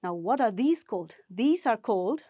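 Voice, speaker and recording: A woman teacher from Nagaland, India, leading a gamified poetry lesson for school students in a slow, encouraging way. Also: a little high, expressive, dark tone, no room sound, muffled recording. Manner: encouraging, speaks slowly and deliberately to learners.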